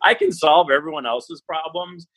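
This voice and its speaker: A man's voice: fairly high pitch, moderate pace, crowd noise, low-quality recording. A man who teaches a parenting class, telling stories in a casual chat and acting out the voices he quotes. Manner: animated, acts out quoted voices.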